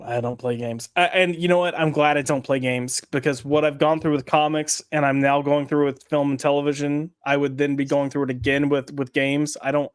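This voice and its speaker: A man's voice: a little high, dry recording, studio quality. A man hosting a casual podcast, joking around and greeting chat viewers by name. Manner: joking, reads chat names aloud. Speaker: podcast host.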